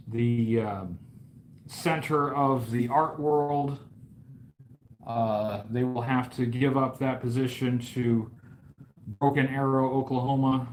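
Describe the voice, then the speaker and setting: A man's voice: medium pitch, slight background noise, rough recording. A man hosting a toy review channel chats casually on a live stream while he draws. He jokes in a mock-grand, bragging way and rambles with many fillers.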